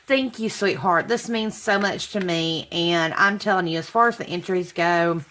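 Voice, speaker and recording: A woman's voice: lowish voice, moderate pace, a bit bright, slight background noise. A woman, hosting her channel and chatting to viewers as she opens gifts, gushing and sentimental with frequent exclamations. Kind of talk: casual unboxing chat to viewers.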